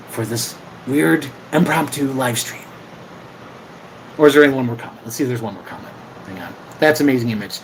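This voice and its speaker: A young man hosting an impromptu livestream, chatting casually, swearing freely and bursting into loud yells. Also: medium pitch, lively intonation, brisk, a little hiss or hum, poor audio. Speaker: livestream host.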